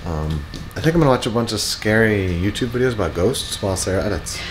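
A young man vlogging in casual chat at night, relaxed and joking. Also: on the low side, fast talker, a little hiss or hum.

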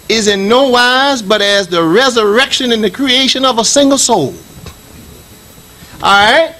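A middle-aged American man, serving as imam, delivers a Friday sermon in a mosque, preaching forcefully with lots of repetition and reciting scripture in Arabic. His voice is extremely high, bright and forceful, captured in a rough recording.

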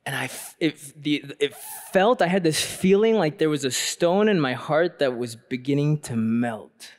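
The priest's voice is expressive and unhurried as he addresses a youth conference workshop. He reflects earnestly on a personal story, and when he preaches he climbs to a fervent pitch.

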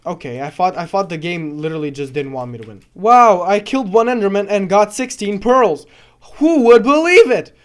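A man with a high voice narrates his own gameplay as it happens. He gets worked up fast and yells and swears at the game. In between he stumbles and repeats himself as he rambles on. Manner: excitable, swears and yells at the game, trash-talks it. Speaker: gaming video creator. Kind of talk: live gameplay commentary.

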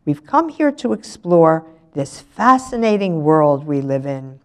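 A cheerful schoolteacher from a storybook coaxes her pupils along in a fairly low voice, as a woman reads her aloud. She speaks slowly and patiently. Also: sing-song. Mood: coaxing. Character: brisk cheerful female schoolteacher.

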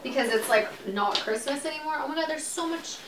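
A woman's voice: high voice, lively intonation, fairly quick, recorded from a distance. A young woman chatting casually through an unboxing vlog at home, gushing and giggly. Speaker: vlogger. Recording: roomy, off-mic, faint hiss.

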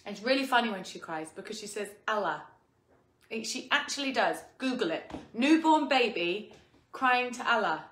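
A woman, hosting a home cooking show and chatting casually, sometimes softly humming and murmuring. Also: on the high side, lively intonation, normal speed, roomy sound. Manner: chatty and warm, slips into soft singing and quiet murmurs. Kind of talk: casual chat while cooking.

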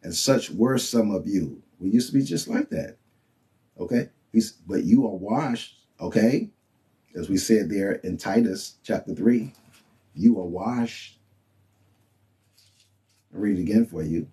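A man delivers a casual, conversational sermon in a mellow, relaxed tone. He talks loosely and keeps checking in with his listeners. When he quotes other people, his voice jumps up high. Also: unhurried, long pauses. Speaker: preacher. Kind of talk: informal sermon.

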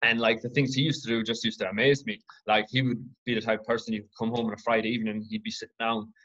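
A man with a lowish voice talks alone on his podcast, telling his own story in a steady, flat delivery. He sounds earnest and reflective, often stopping to restart a thought. The recording is dull and a little lo-fi. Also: fast talker. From Ireland. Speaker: podcast host.

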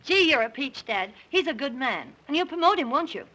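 A woman's voice: sits high, very animated, brisk, bright, forceful tone, heavily acted, rough recording. An actress playing a headstrong, spoiled young woman from a rich family who talks in a coaxing, playful way in an early 1930s film. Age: young adult.

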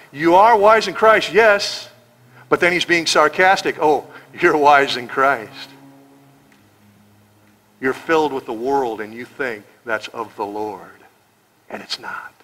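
A man's voice: a little high, sharp tone, poor audio. A man with an American accent preaching a verse-by-verse sermon as pastor, emphatic and sarcastic, firing rhetorical questions. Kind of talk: expository sermon.

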